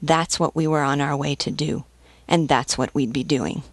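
A woman's voice: low-pitched, steady tone, normal speed, no echo. A woman reading as a stern elderly nobleman who speaks serenely and persuasively. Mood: fervent. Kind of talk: audiobook reading.

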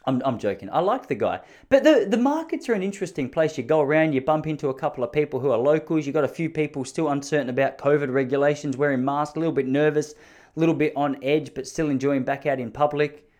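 Fast-talking Australian man in his thirties. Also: a little high, darkish tone. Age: 30s. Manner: rambling, jokey, acts out quoted voices. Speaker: podcast host. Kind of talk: solo storytelling podcast.

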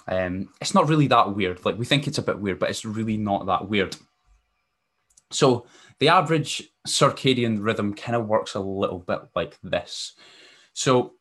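Casual low-voiced podcast man. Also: fairly bright tone. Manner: casual, rambling, frequent fillers and self-corrections. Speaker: podcast host. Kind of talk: solo podcast talk.

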